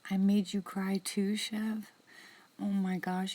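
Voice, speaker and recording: A woman hosting a casual live-stream chat with viewers from outdoors in the woods at night. She talks softly into a phone, often slipping into whispers, chatty and heartfelt. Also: mid-range voice, little pitch movement, takes it slowly. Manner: soft-spoken, drops into whispers, chatty and heartfelt.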